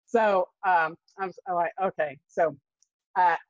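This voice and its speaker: A woman's voice: fairly low pitch, measured pace, no room sound. Folksy woman telling a story. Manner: folksy, animated storytelling with acted-out quotes. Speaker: sales director sharing her story. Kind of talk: storytelling to a group. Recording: dull, muffled dry recording.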